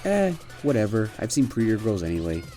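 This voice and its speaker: A man's voice: fairly low pitch, very animated, fairly quick, warm tone, soft background music. A man voicing a cocky, arrogant young rival trainer who sneers and taunts. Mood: sneering.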